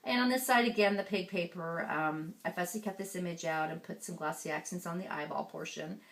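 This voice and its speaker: A woman crafter giving a casual show-and-tell of her handmade scrapbook album, chatty and relaxed, with frequent ums as she turns the pages. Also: lowish voice, brisk, creaky.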